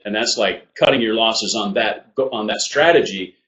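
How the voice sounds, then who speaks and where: A man from Iowa co-hosting a business show, explaining things in a measured, practical way. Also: fairly low pitch, fairly bright tone, echoey room, poor audio. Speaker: podcast co-host. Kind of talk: casual business chat.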